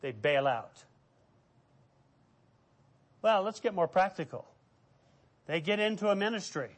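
A middle-aged pastor preaching a sermon in a fairly high, lively voice. He tells stories from his own ministry and acts out the people in them. His voice swings up for the quoted lines and drops low for the asides. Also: a little slow. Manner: animated storytelling, acting out quoted voices.

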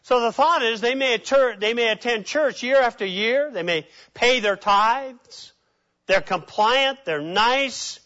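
Casting: high-pitched male pastor, animated sermon delivery, muffled lo-fi recording. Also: unhurried. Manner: animated preaching, acts out quoted voices.

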